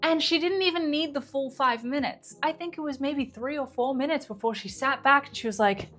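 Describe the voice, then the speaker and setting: A woman's voice: high voice, a little fast, hardly any pauses, a bit bright, soft background music. A woman working as a mind-body coach, telling a story to camera in a conversational way and re-enacting the words of the people in it.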